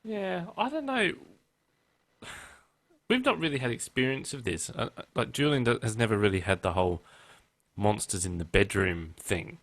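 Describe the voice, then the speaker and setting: A man's voice: medium pitch, animated, normal speed, long pauses, a bit bright. This man chats casually as a podcast co-host. He is blunt and rambling, often restarting his sentences before he carries on. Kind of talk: casual chat.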